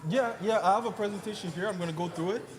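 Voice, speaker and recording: A man's voice: high-pitched, over music. A man presenting for a bank, chatting casually and agreeably while setting up his talk. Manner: quick, agreeable replies. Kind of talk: casual chat before a talk.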